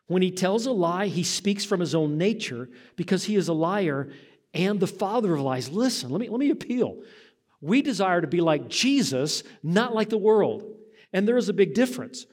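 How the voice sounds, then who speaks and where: A man's voice: a little high, a little mellow. A man preaching a sermon in an earnest, appealing way, building points through rhythmic repetition.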